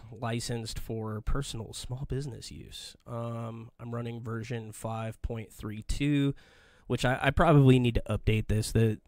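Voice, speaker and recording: A man's voice: medium pitch, fairly even intonation, a little slow, few pauses, darkish tone, dry recording, studio quality. A man hosting a live podcast, walking through his computer screen in a casual, rambling way and muttering asides to himself. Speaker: podcast host. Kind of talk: casual live-stream demo. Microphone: desk microphone.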